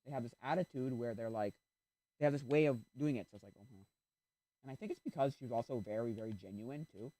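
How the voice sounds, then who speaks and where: A man's voice: mid-range voice, fast talker, dry recording. A man streaming a game, chatting casually in a rambling way and breaking off to react to play. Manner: rambling, animated, interrupts himself to react to the game. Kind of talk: casual chat while playing.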